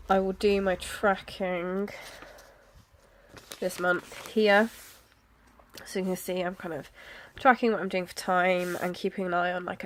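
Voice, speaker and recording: A woman, chatting casually about her planner, with soft, self-deprecating asides and frequent fillers. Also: mid-range voice. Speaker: planner vlogger. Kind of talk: casual chat.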